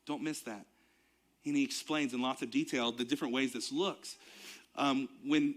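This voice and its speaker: A man's voice: medium pitch, fairly even intonation, moderate pace. A young adult man, preaching a sermon to his congregation in a conversational way, with fillers and asides. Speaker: pastor.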